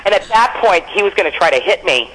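A woman in her forties, a comedian guest telling stories in a brash, profane, animated way during a casual interview. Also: medium pitch, fast talker, a little hiss or hum, rough recording.

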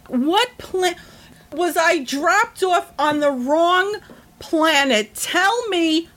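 A woman with a high voice vents straight to the camera, swearing freely and pressing each point with blunt emphasis. She sounds worked up and emotional, and the rant stays heated from start to finish. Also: a bit bright. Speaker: vlogger.

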